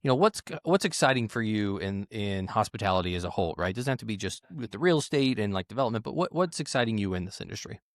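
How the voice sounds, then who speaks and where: Low-voiced man hosting a podcast interview. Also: expressive, fast, hardly any pauses, dry recording, studio quality. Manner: affirming interviewer, short backchannels. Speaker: podcast host. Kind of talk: conversational interview.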